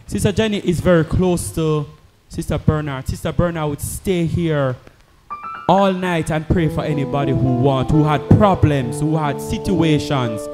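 A man leading a church service as pastor, announcing the next speakers in an unhurried way with pauses. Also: on the high side, a little mellow, faint music behind.

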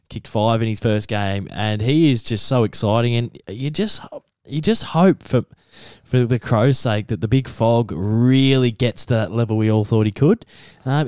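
An easygoing Australian man chats about sport on a podcast and laughs often. His voice is smooth and clear. The recording is dry and close, with no room sound. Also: medium pitch, warm tone, dry recording. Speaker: podcast co-host. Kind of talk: casual sports chat.

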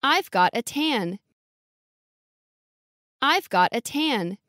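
Slow, high-voiced woman reading English drills. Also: sing-song, fairly bright tone, no room sound, studio quality. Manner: reads each short sentence twice. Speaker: English lesson reader. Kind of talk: slow, clear sentence reading for repetition.

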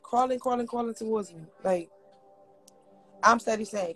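Animated high-voiced woman telling a story. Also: moderate pace, soft background music. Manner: animated, profane, repetitive storytelling. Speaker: storyteller on a livestream. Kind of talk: casual chat.

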